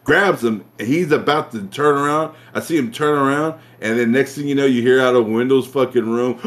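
A man's voice: mid-range voice, moderate pace. A man on a podcast telling a story in casual talk, swearing often and acting out the scenes. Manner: profane, animated, acts out scenes. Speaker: podcast co-host.

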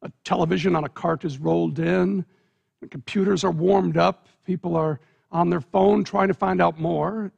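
A man with a high, gravelly and husky voice tells a sermon story to his listeners, pulling them in with "you". He builds suspense steadily, line by line. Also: fairly even intonation, normal speed, darkish tone, highs cut off. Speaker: preacher. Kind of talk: sermon illustration, second-person storytelling.

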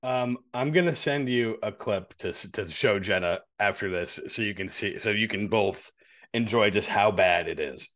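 A man co-hosting a podcast in casual chat, telling stories in a loose, profane, animated way. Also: lowish voice, normal speed. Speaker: podcast co-host.

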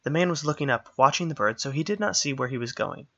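Gravelly, bright male storyteller. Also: on the high side, fast talker, highs cut off. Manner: steady storytelling delivery. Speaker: narrator. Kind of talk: scripted fantasy narration.

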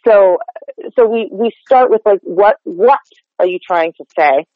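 An American man working as a dialect coach, explaining his technique in an animated, chatty way and acting out example lines. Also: high-pitched, measured pace, no room sound, highs cut off. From United States. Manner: animated, explanatory, demonstrates lines aloud, many fillers like "like". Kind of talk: interview guest explaining technique.

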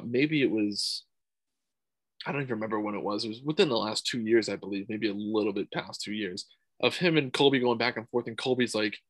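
A young man co-hosting a casual fight podcast, profane and excitable, saying "dude" a lot. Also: on the low side, dry recording, rough recording. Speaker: podcast host. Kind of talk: casual MMA podcast chat.

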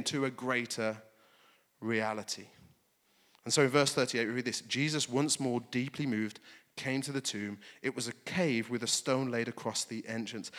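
A man's voice: high voice, fairly bright tone. A pastor preaching a conversational sermon, often checking in with "okay?" as he talks. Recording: long hall reverb.

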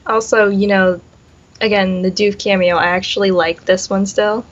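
A young woman talks through her thoughts on a podcast in a measured, slightly hesitant way. Her voice sits at a middle pitch, and the recording sounds a bit dull. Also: level tone. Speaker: podcast co-host. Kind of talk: casual chat.

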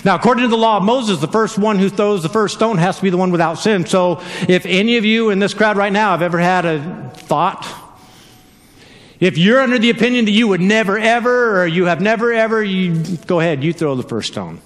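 A man preaching a lively sermon, telling stories and acting out the voices in them. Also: a little fast, big-room sound. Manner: animated storytelling, acts out voices, jumps between high and low pitch. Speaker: pastor.

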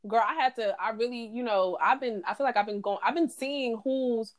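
A woman's voice: a little high, brisk. A woman co-hosting a podcast in casual chat, talking bluntly and heatedly with plenty of profanity. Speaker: podcast co-host.

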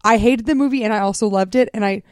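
A woman's voice: mid-range voice, fast talker, no room sound, clean studio sound. A woman co-hosting a podcast, wearing braces, joking crudely and going off on tangents. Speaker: podcast co-host. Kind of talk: casual chat.

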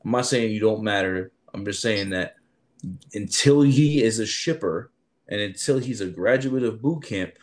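Low-voiced man telling a story. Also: normal speed. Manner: animated storyteller, acts out quoted voices. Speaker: military recruiter. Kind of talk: casual storytelling chat.

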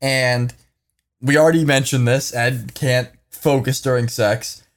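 A man's voice: mid-range voice, steady tone, a little slow. A man co-hosting a casual podcast, telling crude, playful stories and acting out the quotes in them. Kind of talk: casual storytelling.

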